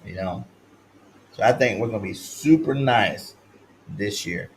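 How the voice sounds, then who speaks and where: A man's voice: expressive, unhurried, slight background noise, rough recording. Hyped-up sports stream host, man. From California. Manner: hyped, swings between loud shouted chants and low mumbled asides; slangy, repeats catchphrases. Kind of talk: livestream sports talk.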